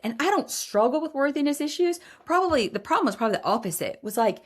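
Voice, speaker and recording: A woman in her forties hosting a podcast, telling personal stories in a candid, emphatic way and laughing now and then. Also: mid-range voice. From Iowa. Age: 40s. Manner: candid, emphatic, says y'all, laughs often. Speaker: podcast host. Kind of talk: personal storytelling monologue.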